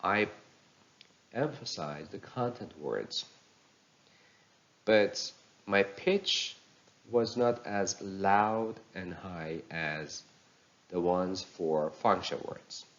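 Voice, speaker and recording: A man with a fairly low voice teaches a recorded pronunciation lesson. He speaks slowly and deliberately, and his pitch swings widely as he demonstrates intonation. The recording sounds dull and lo-fi. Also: animated. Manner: slow, deliberate explaining with exaggerated demo intonation.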